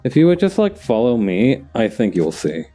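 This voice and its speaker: A man's voice: medium pitch, huge pitch swings, moderate pace, warm tone, soft background music. A man voicing a polite, formal young woman working as an assistant, for a fan dub of a game. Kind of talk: fan voice-over of game dialogue.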